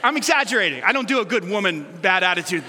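A man's voice: high-pitched, sing-song, fast, pushed and bright, a little hiss or hum. A male pastor giving a sermon in a conversational, playful way, with asides and self-corrections. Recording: long reverb of a large hall.

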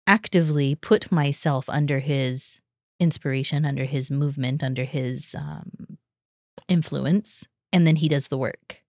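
A woman who is a religious sister, co-hosting a faith podcast, animated and quick to laugh, often checking in with "right?". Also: rumbling low, no room sound, studio quality. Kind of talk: conversational discussion.

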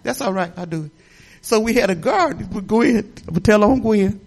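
A woman's voice: medium pitch, lively intonation, fairly quick, darkish tone, slight background noise. An older woman pastor preaching in a chatty, rambling, folksy way, often laughing as she tells stories. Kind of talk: folksy sermon storytelling.

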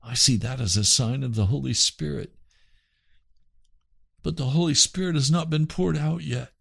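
A man's voice: mid-range voice, normal speed, gravelly, a bit bright, breathy edge, no room sound. A man preaching on his radio broadcast, earnest and pleading, often repeating phrases. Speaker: radio pastor. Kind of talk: radio sermon.

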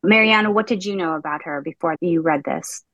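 A woman with a lowish voice hosts a book podcast, moving from a scripted opening into relaxed conversation. Her humor is dry and self-deprecating. The sound is close and dry, with no room around it. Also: a little fast, no echo, muffled recording. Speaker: podcast host. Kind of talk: casual book-club chat with scripted intro.

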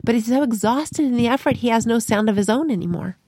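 A woman's voice: a little high, fast talker, mellow, breathy edge, dry recording. Chatty woman explaining teaching tips. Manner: chatty, explaining with playful examples. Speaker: podcast co-host. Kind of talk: casual podcast chat.

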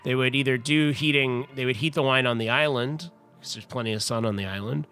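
A podcast guest who imports wine recounts wine history at length in a meandering, conversational way, often starting over or going off on asides. His medium-pitched voice is smooth, fairly bright, and fairly quick. Faint music is audible behind him.

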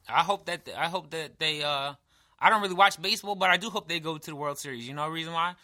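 Bright-voiced joking New man. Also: on the high side, fast talker. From New York. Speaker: podcast co-host. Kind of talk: casual chat.

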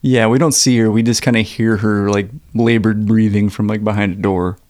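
A man's voice: lowish voice, fairly even intonation, normal speed, a little mellow, no room sound. A man co-hosting a podcast, laid-back and chiming in with casual, profane asides about a movie. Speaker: podcast co-host. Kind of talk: casual movie-recap chat.

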